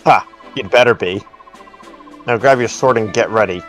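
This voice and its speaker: A man's voice: on the low side, moderate pace, fairly bright tone, faint music behind, lightly acted. A man reading the lines of a stern middle-aged mercenary leader and father from a game, in a commanding way.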